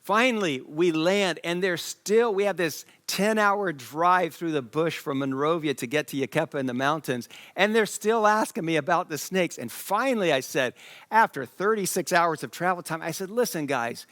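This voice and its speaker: A man preaching a sermon, reading scripture and telling a lively story with quoted dialogue, from Liberia. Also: fairly high pitch, moderate pace, dry recording, studio quality. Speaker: pastor. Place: church stage.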